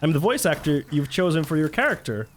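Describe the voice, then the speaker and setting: Chatty giggly guy on a game stream, kinda high voice, bounces up and down a lot. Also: very animated, fast, a little hiss or hum. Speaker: live streamer. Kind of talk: casual live game stream chat.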